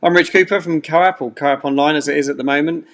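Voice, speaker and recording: A man's voice: on the high side, steady tone, fast, fairly bright tone. Chatty man hosting a quiz. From England. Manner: chatty, rambling, loose with fillers. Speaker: quiz host. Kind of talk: live-streamed pub quiz hosting. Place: home bedroom.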